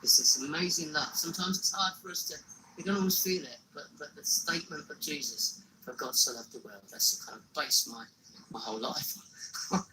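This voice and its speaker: A man's voice: on the high side, fairly quick, bright, forceful tone, a little hiss or hum, poor audio. A man, a street evangelist who walks carrying a cross, telling his story earnestly in a casual interview and often repeating words.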